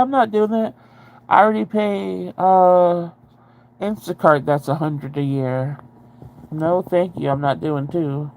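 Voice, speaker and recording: A woman's voice: sits low, darkish tone. Rambling, chatty woman on a livestream. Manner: rambling and chatty, reads and answers viewer comments, swears casually. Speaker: livestream host. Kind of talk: casual livestream chat.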